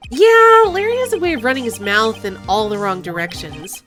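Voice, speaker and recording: A woman's voice: a little high, animated, normal speed, a bit bright, faint music behind. A woman voicing a nervous young male defense attorney in a game, thinking aloud. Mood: worried. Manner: anxious inner monologue. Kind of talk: game voice-over.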